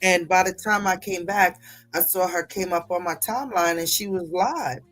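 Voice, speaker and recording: A woman hosting a livestream, gossiping and reading chat in a loud, profane, laughing manner. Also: on the low side, normal speed, soft background music. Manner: animated, profane, laughing often. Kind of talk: casual gossip commentary.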